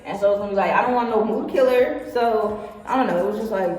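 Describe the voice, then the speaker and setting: A woman's voice: mid-range voice, fast, darkish tone. Young woman, casual storytelling vlog, rambling, acts out quotes, distant mic, echoey hall. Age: young adult. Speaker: vlogger. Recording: echoey room, far from mic, faint music.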